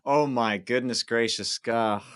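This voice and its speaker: A man's voice: medium pitch, unhurried, a bit bright, clean tone. A man hosting a podcast, chatting casually and joking with his guest in an upbeat way. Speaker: podcast host.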